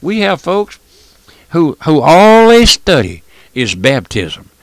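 A man's voice: on the high side, wildly swooping pitch, slow pace, no room sound. A man preaching a folksy radio sermon, emphatic and full of rhetorical questions.

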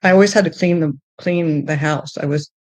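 Low-voiced woman telling her testimony. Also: no echo. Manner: halting, with many restarts and fillers; grows high and excited when telling of joy. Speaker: guest sharing her testimony. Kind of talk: personal testimony in conversation.

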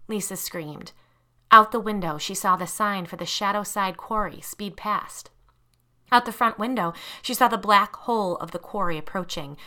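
A woman host reading a scripted ghost story aloud, with expressive narration that builds suspense. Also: medium pitch, moderate pace.

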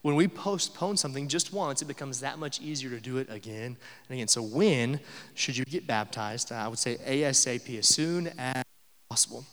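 A man's voice: medium pitch, brisk, fairly bright tone, in a large hall. A young adult man preaching a sermon as pastor, conversational, with filler uh's and rhetorical questions.

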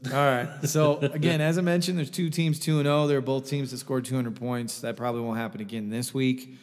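A man's voice: mid-range voice, steady tone, brisk, in a large hall. A man co-hosting a fantasy football podcast, ranting with a lot of profanity in casual chat. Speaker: podcast co-host.

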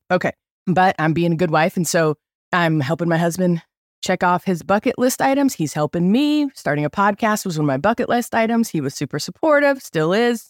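A middle-aged woman hosting a podcast, telling a story in an animated, chatty way with lots of likes and okays. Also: on the low side, no echo, clean studio sound. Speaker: podcast host. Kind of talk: casual storytelling.

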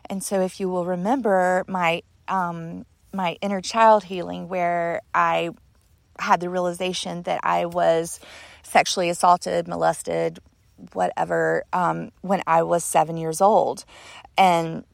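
A woman's voice: on the low side, little pitch movement, slow, gravelly, no echo. A woman podcast host telling a personal story in a casual, earnest, rambling way, leaning on filler words.

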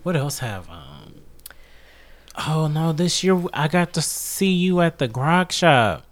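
A man's voice: fairly high pitch, expressive, slow. A man in his thirties co-hosting a casual podcast chat, laid-back and tossing in hype-man affirmations. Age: 30s. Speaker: podcast co-host.

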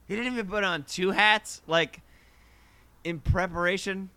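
A man co-hosting a casual podcast, reacting with loud, exaggerated surprise and frequent swearing. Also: high-pitched, a little slow, clear, resonant tone. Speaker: podcast co-host. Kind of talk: casual chat.

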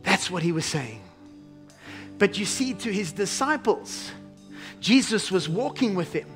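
A man preaching a sermon as pastor, emphatic, slowing to stress key phrases and dropping to a hushed tone. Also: high voice, animated, faint music behind.

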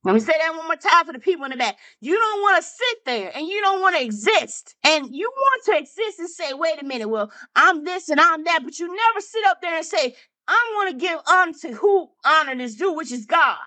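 A woman's voice: very high-pitched, big pitch swings, brisk, pushed and bright, rough recording. A woman preaching a fervent sermon, repeating lines for emphasis and calling out to her listeners.

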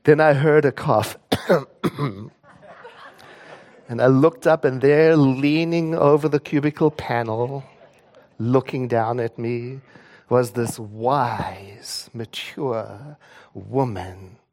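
Slow, earnest man telling a story. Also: mid-range voice, darkish tone. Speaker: prayer practitioner. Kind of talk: personal story in a spiritual talk.

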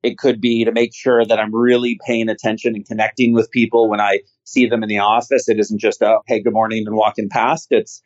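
A man being interviewed as a company founder, telling stories in an earnest, animated way. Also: lowish voice, brisk, hardly any pauses. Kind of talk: casual interview chat. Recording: slightly dull lo-fi sound.

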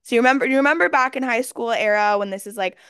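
A woman in her twenties co-hosting a podcast, telling a story in an animated way with fillers and laughs. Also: fairly high pitch, racing, clear, resonant tone, no room sound, studio quality. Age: 20s. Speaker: podcast co-host. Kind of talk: casual chat.

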